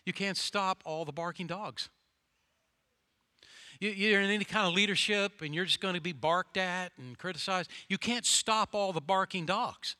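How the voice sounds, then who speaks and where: A preacher voicing a calm wise old farmer. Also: male voice, sits high, moderate pace.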